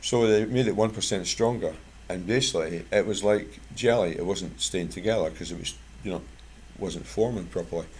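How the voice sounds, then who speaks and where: With hardly any pauses, the Scottish man addresses the bird club at normal speed in a low-pitched voice, and slight background noise sits underneath. As the guest speaker, he offers product advice alongside anecdotes in a chatty, plain way.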